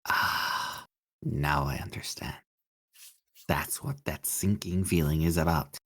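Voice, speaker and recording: Give me someone reading as an earnest young defense lawyer with a low, lively voice. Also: normal speed, noisy background. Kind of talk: casual fan reading of game lines.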